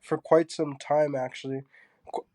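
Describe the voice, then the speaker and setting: A young Zambian guest artist is interviewed casually, his fairly high voice holding a level tone with no echo. He comes across soft and hesitant, leaning heavily on fillers.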